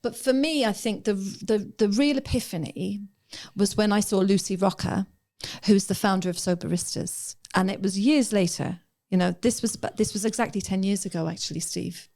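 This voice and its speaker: A middle-aged woman, born in England and raised in Ireland, speaks candidly as a podcast guest. She is open and reflective, and her pitch sits at a middle height. Now and then she voices her own past thoughts. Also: moderate pace, a little mellow.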